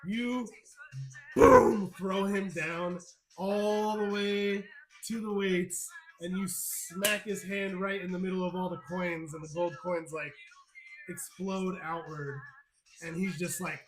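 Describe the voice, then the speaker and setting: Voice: medium pitch, steady tone, slow pace. A game master narrating a tabletop game, laughing often and swearing casually. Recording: loud background music.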